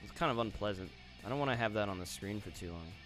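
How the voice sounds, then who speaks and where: A man's voice: on the low side, animated, quick pace, fairly bright tone. Casual male streamer reacting offhand. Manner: reactive, reads posts aloud and comments offhand. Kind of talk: casual live-stream commentary. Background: faint guitar music.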